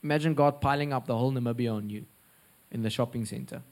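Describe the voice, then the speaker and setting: Man, South African accent, sermon, storytelling, earnest, expressive. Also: mid-range voice, fast talker. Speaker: preacher.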